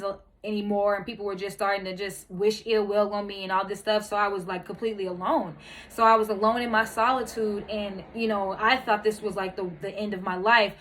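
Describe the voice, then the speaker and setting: A woman's voice: medium pitch, a bit bright, poor audio. A married mother hosting her own show, speaking candidly and earnestly, with lots of fillers, as she encourages the listener directly. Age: adult, married mother. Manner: earnest and heartfelt, with many fillers. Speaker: podcast host. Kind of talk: candid personal monologue.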